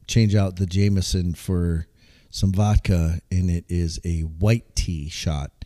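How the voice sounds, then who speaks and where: Laid-back man co-host, deep voice, relaxed chat with plenty of laughter. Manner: easygoing, laughs at his own jokes. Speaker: podcast co-host. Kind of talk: casual chat.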